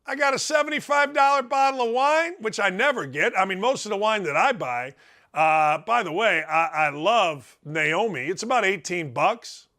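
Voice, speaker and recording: A middle-aged man hosting a sports talk show, giving a brash, folksy, animated monologue and ribbing his listeners. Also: sits high, normal speed. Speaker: sports radio host.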